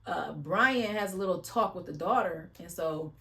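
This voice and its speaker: A woman's voice: on the low side, normal speed, gravelly, sharp tone. A woman giving a casual, blunt recap of a reality show, chatty and slangy, sighing as she retells scenes.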